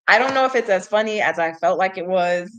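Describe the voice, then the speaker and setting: A woman's voice: mid-range voice, expressive, fairly quick, fairly bright tone, highs cut off. Giggly woman reading to learners. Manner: giggly, chatty asides. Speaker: channel host reading to learners. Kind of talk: casual livestream read-aloud.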